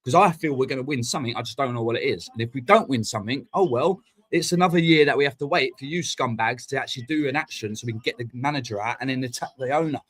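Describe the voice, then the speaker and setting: A man, hosting a fan live stream and ranting in a heated, sweary, rapid-fire way. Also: mid-range voice, fairly bright tone. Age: 40s. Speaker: fan channel host. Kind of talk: casual live-stream rant. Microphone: streaming mic.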